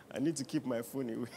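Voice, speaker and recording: A man preaching a sermon as pastor, firing rhetorical questions at the congregation and building to shouts. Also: medium pitch, slight background noise. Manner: animated preaching with rising shouts and bursts of laughter.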